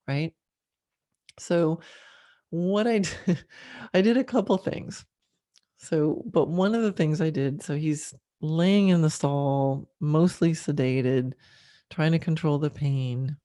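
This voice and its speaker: A middle-aged woman hosting a podcast, telling a personal story candidly and emotionally, with frequent fillers and soft laughs. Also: deep voice, slow, no room sound, studio quality. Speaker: podcast host.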